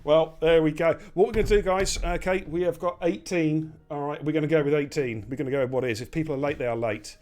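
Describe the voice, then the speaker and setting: A man hosting a sim racing stream, commentating live and repeating phrases when he gets excited. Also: on the high side, fast talker, hardly any pauses.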